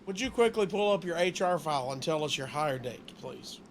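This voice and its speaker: A man's voice: a little high, animated, fairly quick, slight background noise. A man co-hosting a podcast in casual chat, teasing his partner in a playful, giggly way. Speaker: podcast co-host.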